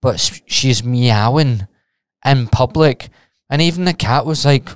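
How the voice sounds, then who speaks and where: A man's voice: medium pitch, unhurried, smooth, no room sound. A Scottish man hosting a solo podcast, talking casually and rambling off on tangents, with the odd swear. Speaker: podcast host and personal trainer.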